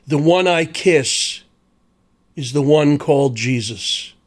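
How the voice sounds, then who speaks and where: A man delivering an angry, sarcastic, profane sports commentary rant. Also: high voice.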